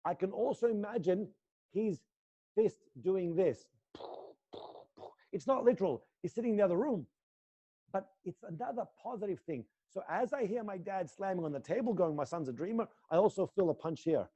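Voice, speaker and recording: A male acting teacher guiding students through an intense exercise, swinging between low muttered lines and loud coaching. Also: expressive, normal speed, dull audio. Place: indoor room.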